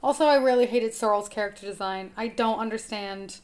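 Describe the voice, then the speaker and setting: A woman's voice: a little high, fairly quick, a little mellow. A woman from the United States co-hosting a podcast, chatting casually and emphatically. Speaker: podcast co-host. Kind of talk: casual chat.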